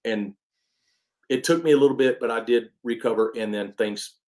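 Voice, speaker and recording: A man's voice: mid-range voice, moderate pace, a little mellow. A man from East Texas, a country singer telling his story as an interview guest in a casual, emphatic way with many restarts.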